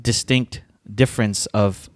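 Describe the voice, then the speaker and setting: A man's voice: fairly low pitch, fairly even intonation, unhurried, dry recording. A man co-hosting a podcast in casual chat, laughing often as he tells stories. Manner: laughs often, slips into a sing-song accent when quoting himself. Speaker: podcast co-host.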